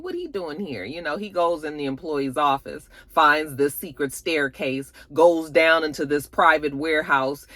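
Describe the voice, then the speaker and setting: A woman recapping a TV episode in a casual, profane way, her pitch swinging widely as she tells it. Her tone is bright and forward, and the recording is dry and close to the mic. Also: no room sound. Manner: animated, profane, acts out the characters' lines. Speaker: TV episode reviewer.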